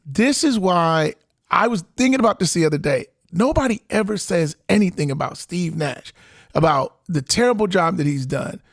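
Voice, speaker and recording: Gravelly high-voiced man in sports chat. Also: normal speed, no echo, studio quality. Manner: animated, laughing, talks over his partner. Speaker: podcast co-host.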